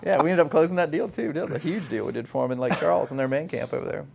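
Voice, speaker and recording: This South Louisiana company owner has a gravelly, rather high voice and races through his stories in casual conversation as a guest. He laughs a lot and performs the quoted lines loudly.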